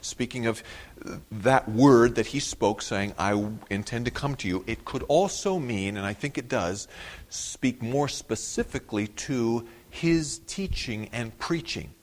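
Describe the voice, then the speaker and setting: A man preaching an expository sermon, acting out the quoted words with sudden rises in pitch and loudness, and sometimes repeating words as he explains. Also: a little slow. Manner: animated preaching, rising sharply on quoted words. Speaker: pastor.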